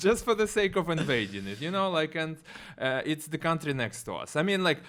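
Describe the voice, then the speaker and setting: A man's voice: on the high side, sing-song, quick pace, fairly bright tone. Chatty Russian-accented man. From Siberia, Russia. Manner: filler-heavy, chatty, laughs often. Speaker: guest comedian. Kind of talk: casual podcast chat.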